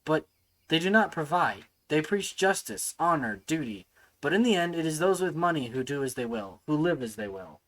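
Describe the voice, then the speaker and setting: Reading aloud, a man voices a treacherous male guard from a game, shifting from nervous, panicky yelps to sneering, bitter gloating. His voice is a little high and sing-song at normal speed, slightly bright, though the audio is poor.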